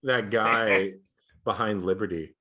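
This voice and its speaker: A man's voice: on the low side, steady tone, slow, bright, forceful tone. A man co-hosting a podcast, chatting casually with a wry, joking manner. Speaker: podcast co-host. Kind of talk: casual chat.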